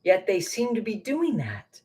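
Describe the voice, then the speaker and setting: Speaking at a measured pace, this Maine woman in middle age has a warm, slightly rough medium-pitched voice with huge swings in pitch. Broadcasting casually from her house, she addresses chat directly, cursing openly out of frustration.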